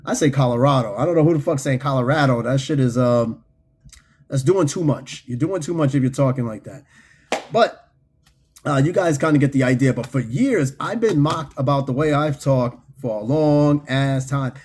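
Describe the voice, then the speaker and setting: A man with a New York City accent hosts a casual livestream, reading viewer comments aloud in an animated, profane way and laughing often. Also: medium pitch, normal speed, husky. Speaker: host.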